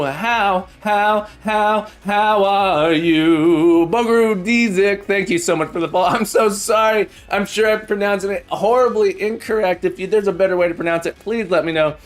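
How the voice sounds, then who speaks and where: A man hosting a livestream, chatting casually and cheerfully greeting viewers by name, sometimes drawing out names in a sing-song way. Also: a little high. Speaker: livestream host. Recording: soft background music. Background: background music.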